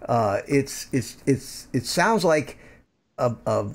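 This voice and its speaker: Gravelly older man, rambling live host. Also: mid-range voice, lively intonation, slow. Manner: rambling, stammers and repeats words. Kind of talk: casual live-stream chat. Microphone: desk microphone through a USB mixer.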